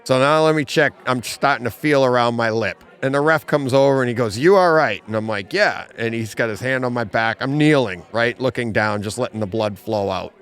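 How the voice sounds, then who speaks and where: A man co-hosting a casual podcast chat in a comic book store, an animated storyteller who laughs at his own jokes. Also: mid-range voice, brisk, hardly any pauses, smooth. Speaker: podcast co-host.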